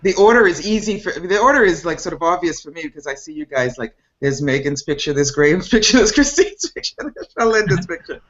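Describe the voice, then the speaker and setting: A man's voice: fairly high pitch, lively intonation, fairly quick, hardly any pauses, fairly bright tone, highs cut off. A man hosting a casual group video chat, playful and laughing often. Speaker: host.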